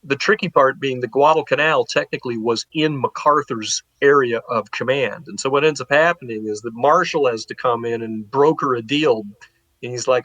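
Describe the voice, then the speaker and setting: A man's voice: mid-range voice, normal speed, dry recording, low-quality recording. Man telling history with dry delivery. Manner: animated, acts out historical figures in paraphrase. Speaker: guest historian. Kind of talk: casual spoken history storytelling.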